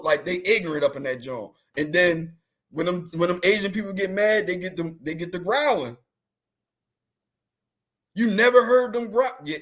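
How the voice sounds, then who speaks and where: A man's voice: sits high, animated, moderate pace, a bit bright. A man hosting a show, telling loose slangy stories in casual chat with rambling restarts. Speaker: host.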